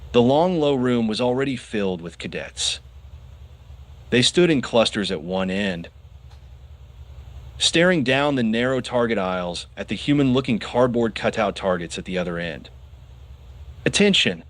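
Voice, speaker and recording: Male narrator for a children's audiobook; expressive, animated pitch. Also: moderate pace. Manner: expressive storytelling.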